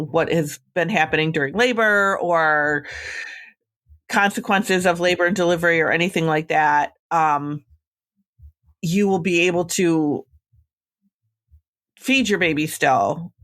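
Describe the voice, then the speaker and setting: A woman's voice: low voice, a bit bright. Chatty, reassuring woman podcast host. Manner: reassuring, chatty, frequent "like" fillers. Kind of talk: casual podcast chat.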